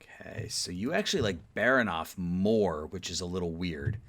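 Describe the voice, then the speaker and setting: A man with a fairly low voice talks his way through a sports management game in an easy, offhand way. He sounds sleepy, yawns now and then, and mutters under his breath as he weighs each trade. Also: animated, normal speed, fairly bright tone. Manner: thinking aloud, sleepy, yawning often; mutters trade talk to the game's teams. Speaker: gaming YouTuber playing a baseball management sim. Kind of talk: casual let's-play commentary.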